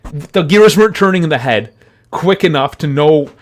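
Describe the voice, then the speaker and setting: A man's voice: fairly high pitch, expressive, normal speed. A young man co-hosting a football podcast, telling rambling anecdotes and laughing often. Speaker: podcast co-host. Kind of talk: casual football chat.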